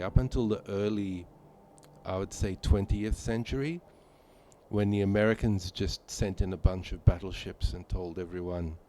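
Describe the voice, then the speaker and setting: Deep mellow-voiced man streaming a game. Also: slight background noise. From Malta. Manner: rambling, chatty, many fillers. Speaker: gaming streamer. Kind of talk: casual live-stream chat while gaming.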